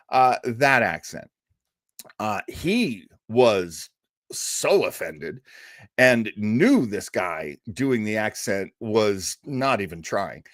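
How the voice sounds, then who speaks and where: Lively, chatty male host from New England. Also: medium pitch, dry recording, clean studio sound. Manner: chatty and digressive, with frequent fillers and laughs. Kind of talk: casual storytelling commentary.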